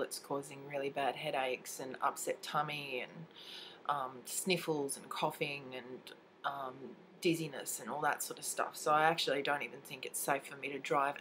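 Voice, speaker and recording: A woman's voice: sits low, fairly bright tone, a little hiss or hum, poor audio. A young Australian woman with a cold, telling a story in an indignant, swearing casual rant to camera. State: has a cold.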